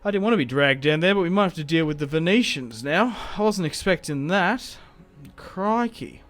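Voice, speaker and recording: Chatty man, fairly high voice. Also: brisk. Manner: chatty, rambling, self-mocking with sudden excited outbursts. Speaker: gaming YouTuber. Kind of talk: casual Let's Play commentary. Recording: game music playing faintly behind.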